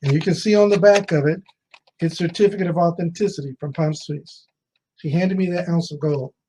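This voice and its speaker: Delivering a motivational speech built around a personal story, a conference speaker in his fifties asks the audience questions and repeats key phrases for emphasis. His voice is on the high side and mellow, fairly quick, with slight background noise and poor audio.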